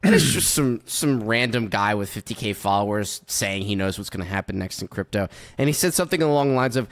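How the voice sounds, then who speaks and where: Animated teasing male podcast co-host. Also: lowish voice, fairly quick, hardly any pauses. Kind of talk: casual chat.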